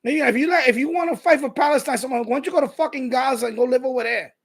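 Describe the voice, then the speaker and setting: A man's voice: very high-pitched, racing, vocal fry, breathy edge. A man, hosting a live stream, ranting bluntly and combatively with lots of swearing. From New York. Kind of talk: casual ranting monologue.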